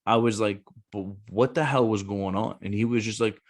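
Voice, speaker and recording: A man's voice: lowish voice, fairly even intonation, moderate pace. A man, a Marine gunnery sergeant and former recruiter, talking casually on a podcast, blunt and cursing freely as he acts out the voices in his stories.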